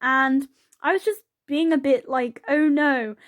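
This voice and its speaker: A woman with a high voice talks casually over her gameplay footage. She rambles, giggles and peppers everything with "like", sounding chatty and unguarded. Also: a little slow, a bit bright. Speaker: YouTuber narrating a game build.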